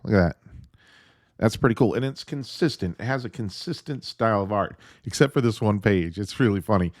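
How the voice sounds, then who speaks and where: Male home reviewer, deep, chatty, excited, rambles with fillers; dry close sound. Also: a little fast, no echo. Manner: rambling and enthusiastic, with many fillers. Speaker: tabletop game reviewer. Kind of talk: casual video review. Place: at home with his dog nearby.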